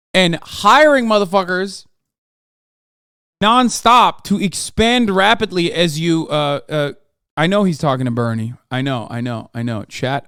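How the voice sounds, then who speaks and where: Sarcastic, profane streamer, smooth voice. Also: male voice, sits high, fairly bright tone, no echo, clean studio sound. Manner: sarcastic and profane, talks to his chat. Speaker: streamer reacting to a video. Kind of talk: casual reaction stream.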